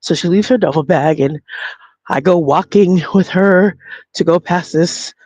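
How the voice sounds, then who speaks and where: A woman's voice: fairly low pitch, unhurried, dark tone, no echo. Woman vlogging while walking outdoors. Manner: chatty storytelling, acts out voices. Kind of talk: casual spoken vlog. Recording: dull lo-fi audio.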